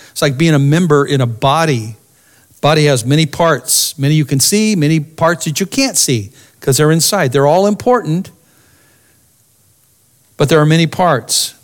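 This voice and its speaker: Male pastor, slightly higher voice, expressive sermon delivery with hushed asides. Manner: expressive preaching, drops to near-whisper for emphasis.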